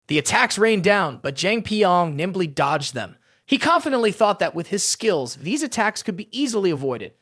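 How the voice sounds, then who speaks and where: A man with a high, bright voice narrates a fantasy recap, his pitch swinging freely from line to line. The sound is close and dry, with no room around it. He keeps a brisk, storytelling drive. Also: sing-song, no echo.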